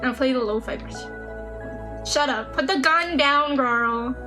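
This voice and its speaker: A young woman streaming a game, chatting casually and self-mockingly with her viewers and herself while soft lo-fi music plays behind her. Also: sits high, slow. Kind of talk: casual live-stream chat while gaming. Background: soft lo-fi background music.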